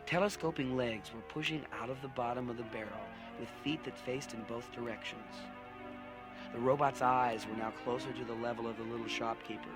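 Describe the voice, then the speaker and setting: A man narrating a children's science fiction audiobook in an expressive storytelling manner. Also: medium pitch. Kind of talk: audiobook narration with character voices.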